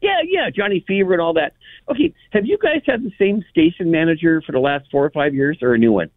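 Caller guy on a tinny phone line, high voice, rambles on. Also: fast, dry recording. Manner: excited, rambling. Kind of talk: phone-in call.

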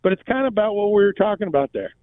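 A man's voice: sits high, very fast, dry recording. A male radio co-host telling a long story in casual talk and acting out the quotes. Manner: animated storyteller, acts out quotes. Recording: tinny phone-like band, dry.

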